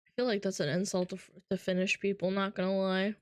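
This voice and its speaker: A woman's voice: mid-range voice, little pitch movement, quick pace, darkish tone, no echo, clean studio sound. A woman streamer chatting casually and reading out live comments, playful and teasing with frequent giggles, talking from her home setup.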